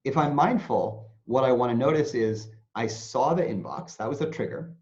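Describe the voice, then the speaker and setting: A man, an interview guest who teaches mindfulness, explaining in an animated way and acting out anxious inner voices. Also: medium pitch, normal speed. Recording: dull lo-fi sound.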